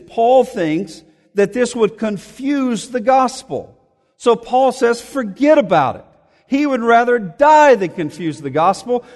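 A man's voice: high voice, a little mellow. A man preaching an expository sermon, reading scripture aloud and explaining it verse by verse, stressing key phrases by repeating them. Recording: long hall reverb.

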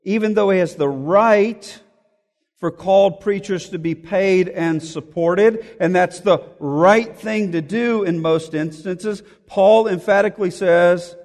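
A male preacher with a fairly high voice works through a scripture passage verse by verse. He reads each verse aloud, then explains it and hammers key phrases through repetition. His voice rings out with a long reverb, as if he is speaking in a large hall. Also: slow pace, darkish tone. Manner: emphatic, repeats key phrases for effect. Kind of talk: expository sermon.

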